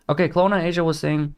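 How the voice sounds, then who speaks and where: Smooth-voiced man chatting with a livestream. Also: a little high. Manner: loose and friendly, many "like" fillers, calls viewers brother. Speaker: livestream trading host. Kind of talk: casual livestream chat, reading viewer comments.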